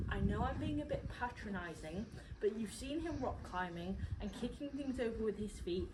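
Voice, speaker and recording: A woman's voice: on the high side, lively intonation, normal speed, noisy background. A woman vlogging from her stable, talking fondly and teasingly to her horses and viewers. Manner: fond, teasing, mock-stern talk to horses. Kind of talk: casual vlog chat to horses and viewers.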